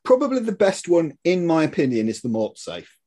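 A man explaining history in casual podcast chat, animated and swearing, laughing at his own points. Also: a little high, a little fast. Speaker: guest historian.

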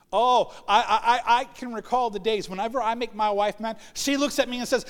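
A man's voice: high voice, fairly quick, fairly bright tone, in a large hall. A man preaching a sermon as pastor, telling personal stories and acting out the voices of people he quotes. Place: church sanctuary.

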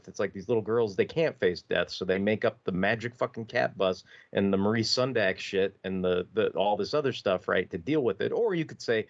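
Rambling, swearing man in a lo-fi recording. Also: fairly low pitch. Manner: rambling, halting, swears freely. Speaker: podcast co-host. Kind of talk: casual podcast discussion. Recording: dull lo-fi podcast audio.

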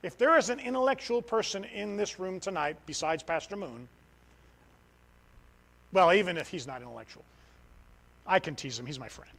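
A middle-aged man preaching a sermon in a church as a missionary, animated, swinging from loud outbursts down to quiet, tender passages. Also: sits high, normal speed, gravelly, pauses often, low-quality recording.

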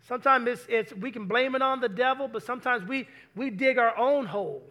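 A man preaching a sermon to a congregation in a lively way, often putting questions to the listeners. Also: very high voice, fairly quick. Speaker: pastor.

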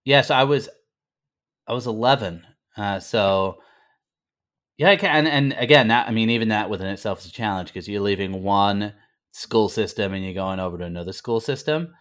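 A man's voice: fairly low pitch, moderate pace, a bit bright. A man from the north of England, now speaking with an American accent, telling his story as an interview guest with many fillers and restarts. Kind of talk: conversational interview.

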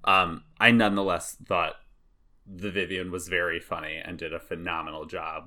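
Low-voiced guy cohosting a podcast, bright edgy tone, drags words out for emphasis. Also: fairly even intonation, normal speed. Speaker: podcast co-host. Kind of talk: casual podcast chat.

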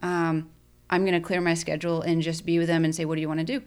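A woman who trains horses, speaking earnestly and thoughtfully in a casual conversation, pausing often. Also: low-pitched, flat delivery, clean tone. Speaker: podcast guest.

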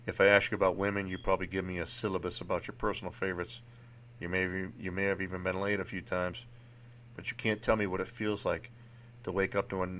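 A man voicing a world-weary middle-aged male psychiatrist with a put-on Boston accent, delivering an earnest, measured monologue. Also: sits low, fairly bright tone.

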